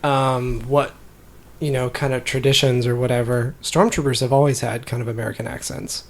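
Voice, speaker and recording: A man's voice: medium pitch, flat delivery, normal speed, vocal fry. Hesitant male podcast co-host. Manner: brief agreeing replies, hesitant. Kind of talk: casual chat.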